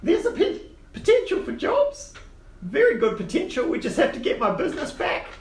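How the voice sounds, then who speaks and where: A man voicing an excitable, wizened old male gnome in a tabletop game, with a high, fluttery, eager manner. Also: normal speed, full character voice. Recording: roomy, distant mic with noise.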